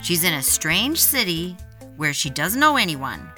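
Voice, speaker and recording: Bright-voiced woman podcast host. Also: fairly low pitch, sing-song, measured pace, faint music behind. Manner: polished, promotional read. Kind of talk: scripted narration.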